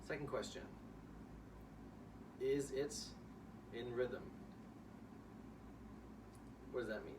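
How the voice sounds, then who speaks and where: A young man teaching a child violin in a relaxed, casual way, explaining ideas and singing short examples. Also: mid-range voice, a little slow. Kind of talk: casual one-on-one music lesson. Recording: distant room mic with noise.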